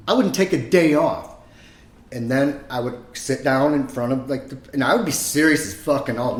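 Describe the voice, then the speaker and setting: Profane, rambling man in a roomy echo. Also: mid-range voice. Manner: profane, rambling, animated storytelling. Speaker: podcast co-host. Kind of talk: casual podcast chat.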